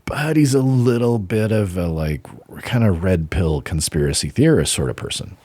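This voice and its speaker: A man's voice: sits low, animated, normal speed, warm tone. A young man co-hosting a casual book-discussion podcast, rambling and restarting as he tells a story. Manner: rambling, self-interrupting storyteller. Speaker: podcast co-host.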